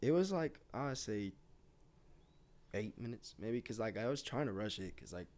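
A man's voice: lowish voice, lively intonation, normal speed, darkish tone. A young man chatting casually, laid-back and agreeable, swearing in passing while telling his own story. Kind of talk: casual chat.

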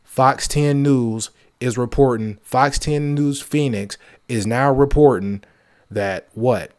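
A man's voice: mid-range voice, slow pace. Emphatic man ranting to his audience. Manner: emphatic and repetitive, joking asides. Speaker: podcast host. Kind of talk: casual monologue.

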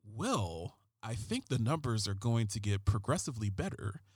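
A man doing a hushed, brooding TV detective. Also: fairly low pitch, very animated, slightly rough, no echo, clean studio sound, pitched below the performer's own voice. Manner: slow, murmured, dramatic pauses.

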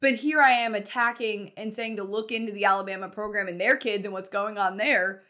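A woman's voice: mid-range voice, steady tone, sharp tone. Woman co-hosting a sports podcast. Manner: quick, chatty analysis. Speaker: podcast co-host. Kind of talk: casual sports talk.

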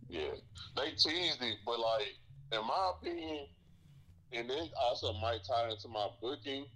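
A man co-hosting a podcast, giving his opinions in a relaxed, hesitant casual chat. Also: medium pitch, unhurried, low-quality recording. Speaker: podcast co-host.

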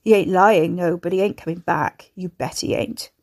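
A woman's voice: fairly even intonation, normal speed, vocal fry. A woman doing a growling, gloating monster father. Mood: menacing. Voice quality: deep ruminating growl. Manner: broad rural dialect speech.

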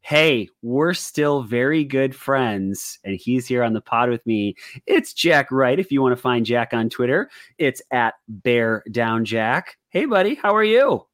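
A man's voice: mid-range voice, animated, fairly bright tone. Upbeat chatty podcast host man. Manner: upbeat, chatty, quick asides. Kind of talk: casual sports podcast chat.

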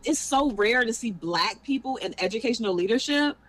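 A woman's voice: a little high, expressive, a little fast, low-quality recording. A young woman, a former teacher, talking animatedly as a podcast guest and acting out quoted voices. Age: young adult. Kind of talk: casual podcast chat.

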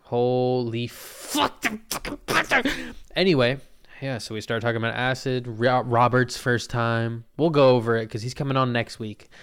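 A man hosting a casual solo podcast, telling a story in a profane, rambling, animated way with a phlegmy throat. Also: medium pitch, brisk, smooth. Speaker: podcast host. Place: Portland. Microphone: podcast mic.

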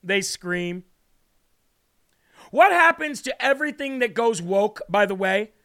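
A man hosting a political commentary livestream, mocking and ranting with bursts of shouting. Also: sits high, sing-song, takes it slowly, vocal fry. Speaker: livestream host.

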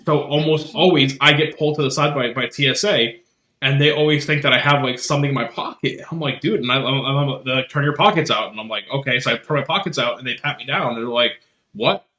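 A male podcast co-host in casual live chat, telling lively stories and swearing casually. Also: medium pitch, fast talker, roomy sound.

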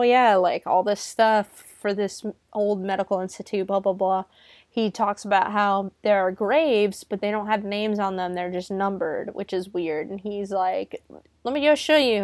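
A woman's voice: medium pitch, no echo, clean studio sound. A woman casually recapping a film, chatty and full of filler words, swearing freely. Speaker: film reviewer.

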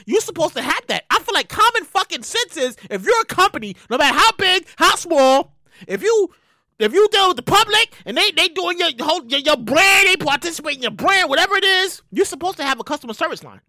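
A woman hosting her own show, ranting in a loud, profane, animated way with sudden shouted bursts. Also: high-pitched, fast, dry recording, clean studio sound. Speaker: show host. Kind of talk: solo comedic rant.

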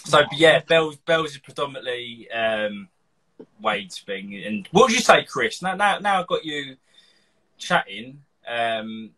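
Man, husky, bright, chatty live-stream host. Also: medium pitch, lively intonation, moderate pace, low-quality recording. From Cheshire, England. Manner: chatty, rambling, laughs often. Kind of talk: casual chat.

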